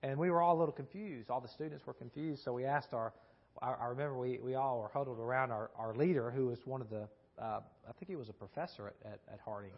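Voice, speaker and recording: A man with a somewhat husky voice preaches in a loose, conversational way, stumbling over restarts and doubling back on his words. He often turns to his listeners with questions. The recording sounds dull and lo-fi. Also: mid-range voice, fast. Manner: rambling, frequent restarts and repeated words; asks the audience questions. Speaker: preacher teaching a Bible class. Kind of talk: conversational sermon with storytelling.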